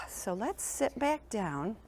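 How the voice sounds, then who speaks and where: A woman leads a class of young children in a classroom, her voice pitched somewhat high. She talks in an encouraging, sing-song teacher manner and keeps checking that the kids are following along. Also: sing-song, extremely slow, creaky, a little hiss or hum. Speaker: sleep program presenter. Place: school classroom.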